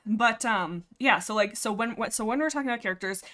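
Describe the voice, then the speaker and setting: Woman livestream host, casual book chat, excitable, rambling, headset mic. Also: fairly high pitch, fast. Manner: rambling, excitable, filler-heavy chatter.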